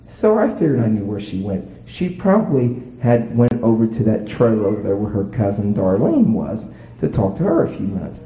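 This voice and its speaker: A man telling a story to an audience in a folksy, animated way, acting out voices. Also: lowish voice. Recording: echoey tinny phone-like sound.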